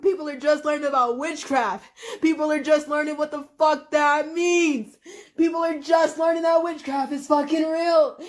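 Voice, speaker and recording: A woman's voice: high voice, fairly even intonation, moderate pace. A woman ranting to camera in an agitated, profane way, swinging between laughter and tears. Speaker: vlogger. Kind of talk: emotional rant to camera.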